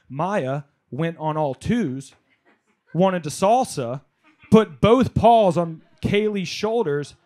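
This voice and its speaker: A man doing a stand-up comedy set on a club stage, telling animated stories, working the crowd and shouting some punchlines. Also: on the high side.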